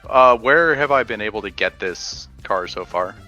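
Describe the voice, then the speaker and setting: A man playing a tabletop game, relaxed and matter-of-fact as he describes what he does. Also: lowish voice, normal speed, soft background music. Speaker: player. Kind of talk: casual tabletop play. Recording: dull lo-fi mic.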